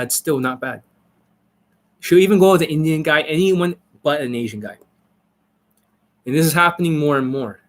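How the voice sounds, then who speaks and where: A man coaching on a live stream, answering viewers in a blunt, profane, rambling way. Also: on the high side. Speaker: dating coach.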